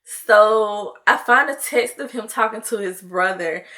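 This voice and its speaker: Chatty young woman with a bright voice. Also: medium pitch, measured pace. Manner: chatty, loose, peppered with "like" and "you know"; animated when mimicking herself in dialogue. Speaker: vlogger. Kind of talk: casual storytime chat.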